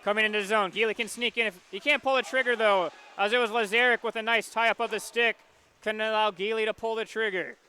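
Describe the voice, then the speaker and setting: A man calling live hockey play-by-play, following the puck in quick, rhythmic bursts. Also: high-pitched, steady tone, bright, forceful tone, slight background noise. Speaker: play-by-play announcer.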